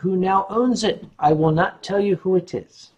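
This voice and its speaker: A man's voice: high-pitched, moderate pace, husky, dull audio. A man hosting a casual live-stream chat, reading viewer questions and telling stories, with German words dropped in here and there. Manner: animated raconteur who drops in German words.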